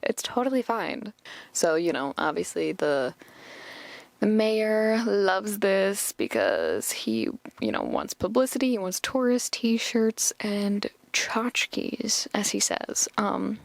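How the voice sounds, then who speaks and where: Woman creaky-voiced rambling podcast host. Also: medium pitch, expressive, takes it slowly, dry recording. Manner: rambling, filler-heavy, chatty. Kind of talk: casual episode recap.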